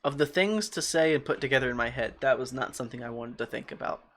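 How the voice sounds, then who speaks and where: A young man streaming a game, rambling and joking in a casual, often quiet voice, talking into a desk microphone at home. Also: medium pitch, quick pace. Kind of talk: casual gaming stream commentary.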